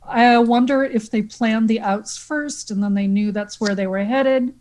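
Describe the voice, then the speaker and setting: A woman from Canada, a guest on a podcast, chatting casually and in an animated way. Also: fairly high pitch, unhurried, poor audio. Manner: animated, quotes lines from scenes. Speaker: guest, comedic actress.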